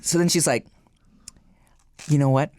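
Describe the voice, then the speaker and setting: Podcast co-host, male, casual and animated, voices the people in his stories, dry recording. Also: fairly high pitch, measured pace, smooth, no echo. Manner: animated storyteller, acts out quoted voices, laughs a lot.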